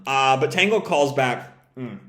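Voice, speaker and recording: A man recaps and comments on a comic in a rambling way, often stopping to correct himself. His voice sits a little high and moves around a lot. The room around him sounds roomy and echoey. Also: expressive, normal speed, a bit bright, slight background noise. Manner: rambling, self-correcting, casual swearing. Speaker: comic reaction host. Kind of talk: casual live reading and commentary.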